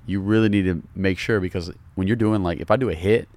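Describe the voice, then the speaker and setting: A man's voice: low-pitched, fairly even intonation, quick pace, darkish tone, no echo. A man with a Southern US accent, a podcast guest talking loosely and casually, calling people bro. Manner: laid-back, loose, calls people bro. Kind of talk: casual chat.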